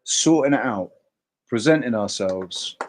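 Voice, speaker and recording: A man's voice: medium pitch, animated, unhurried, very noisy. Emphatic, rambling man chatting. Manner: emphatic, rambling, swears freely. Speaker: host. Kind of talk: casual livestream chat.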